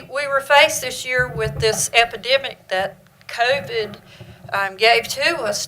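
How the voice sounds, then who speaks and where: A woman's voice: medium pitch, sharp tone, low-quality recording. A woman speaking to county commissioners about library services, enthusiastic and community-minded. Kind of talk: presentation to county board. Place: meeting room.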